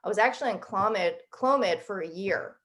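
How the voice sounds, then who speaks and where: A woman's voice: medium pitch, fairly quick, a bit bright. A woman in her thirties, a guest author in an interview, telling a personal story in a chatty, emotional way with many fillers.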